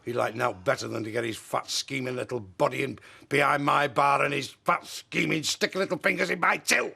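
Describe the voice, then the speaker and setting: A jealous landlord in a soap drama, his gravelly, bright voice dropping into suspicious mutters. He grumbles and accuses. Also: medium pitch, brisk, full character voice. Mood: accusing. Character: jealous, grumbling older male pub landlord. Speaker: pub landlord.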